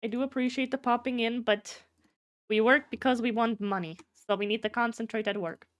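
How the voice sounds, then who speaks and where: High-voiced woman chatting on stream. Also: steady tone, fairly quick. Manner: rambling, swears freely, restarts sentences; greets chat viewers by name. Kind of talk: casual live-stream chat.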